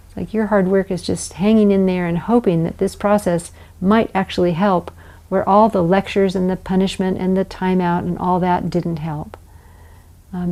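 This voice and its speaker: A woman giving a gentle instructional talk on parenting, sometimes acting out little scenes. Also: lowish voice, vocal fry. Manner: gentle, explanatory, acts out scenes. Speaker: parenting educator.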